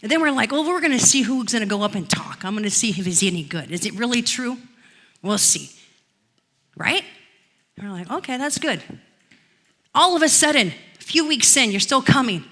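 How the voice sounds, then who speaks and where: A woman pastor preaching a sermon in church, telling stories and rising into loud declarations. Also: a little high, big pitch swings, fairly quick. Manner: storytelling, swells to loud declarations.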